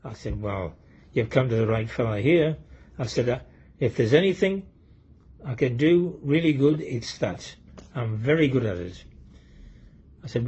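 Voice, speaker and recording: A comedian and poet with a husky, darkish, mid-range voice tells comic anecdotes and reads a short poem. His delivery rambles and is full of ums and uhs, on a dull lo-fi recording.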